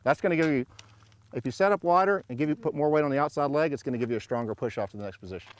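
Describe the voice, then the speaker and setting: Joking, commanding coach, higher-pitched man. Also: very fast. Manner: joking, commanding drill calls. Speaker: shooting coach. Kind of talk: outdoor coaching instructions. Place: outdoor shooting range.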